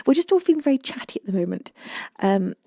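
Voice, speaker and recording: British female streamer, playful and giggly, warm mellow tone, dry and close. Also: medium pitch, big pitch swings, a little fast, vocal fry, no echo. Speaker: music streamer host. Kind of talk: casual live-stream chat reading viewer comments.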